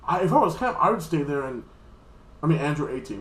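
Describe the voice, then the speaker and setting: An American man giving a casual, rambling and profane recap of an anime episode, now and then jumping into high, squeaky mock voices. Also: big pitch swings, fast talker, a bit bright, reverberant, poor audio. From United States. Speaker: anime reviewer.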